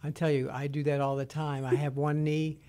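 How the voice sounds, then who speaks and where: Flat, halting male sign interpreter. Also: fairly high pitch. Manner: halting, hesitant first-person interpreting. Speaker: sign language interpreter voicing a deaf guest. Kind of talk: interpreting into speech.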